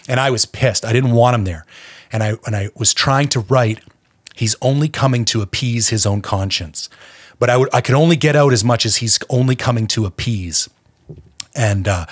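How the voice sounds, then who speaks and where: A man in his thirties hosts a podcast and recounts his past in a raw, profane, intense way. His voice sits at an ordinary middle pitch. The recording is close and dry, with no room sound. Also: dry recording. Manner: blunt, profane, intense storytelling. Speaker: podcast host. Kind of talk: personal recovery story.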